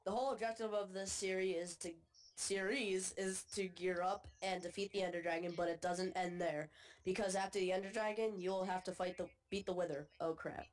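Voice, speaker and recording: A woman's voice: on the low side, fairly even intonation, a little fast, a little hiss or hum. A young woman co-playing a video game, chatting casually and a little hesitant, giggling now and then. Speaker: co-player. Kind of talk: casual gaming chat.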